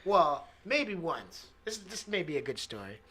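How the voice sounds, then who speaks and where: A man's voice: on the high side, sing-song, unhurried, a crowd in the background. A man who is a guest on a podcast, chatting easily and explaining things plainly. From Canada. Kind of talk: casual chat.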